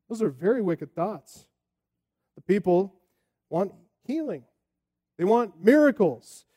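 Mellow high-voiced male preacher. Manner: expressive preaching with rhetorical questions. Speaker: pastor. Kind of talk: sermon.

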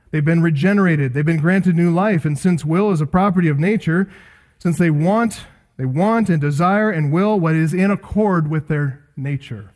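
A man's voice: fairly high pitch, a little mellow. A man preaching an expository sermon, building emphatic lists of phrases with rising intensity.

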